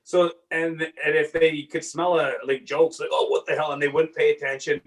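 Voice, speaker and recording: Comedian guy from saskatchewan, rambly self-deprecating stories, kinda high voice, sits far off the mic. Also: flat delivery, moderate pace. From Saskatchewan, Canada. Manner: rambling, self-deprecating storyteller, acts out quotes loudly. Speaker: stand-up comedian guest. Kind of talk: casual podcast chat.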